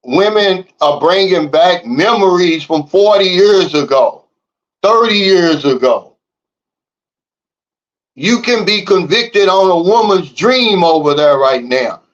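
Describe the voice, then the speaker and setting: A man's voice: high voice, lively intonation, slow pace, lo-fi sound. A man hosting a livestream, reading the chat and ranting in a blunt, fired-up way. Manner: fired-up, blunt, repeats "Big Dog" and "okay?". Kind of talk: casual livestream talk. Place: living in the Philippines.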